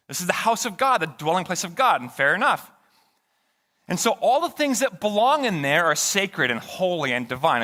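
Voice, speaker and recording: A male pastor delivers a sermon in an easy, conversational way, trading jokes with the congregation. His voice sits a little high and is bright, with pitch that swings a lot. The sound carries the long reverb of a large church hall. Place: church sanctuary.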